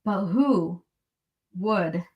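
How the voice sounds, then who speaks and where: A woman's voice: medium pitch, expressive, very slow, a little mellow. A young woman hosting a casual live stream from home, reading chat aloud, laughing often and swearing freely as she rambles. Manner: giggly, swears a lot, rambling. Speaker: livestream host reading chat. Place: at home, indoors.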